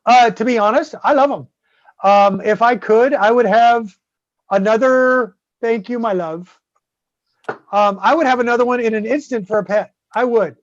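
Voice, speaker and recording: A man with a Southern US accent, swearing freely as he tells an animated story in casual podcast chat. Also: very high voice, moderate pace, no echo. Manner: profane, animated storyteller with many "right?" tags. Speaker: guest co-host. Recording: slightly dull lo-fi dry sound.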